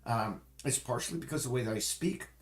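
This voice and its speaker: A man's voice: medium pitch, fast talker. A man chatting casually on a livestream, rambling and often restarting and correcting himself mid-sentence. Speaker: streamer. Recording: roomy echo.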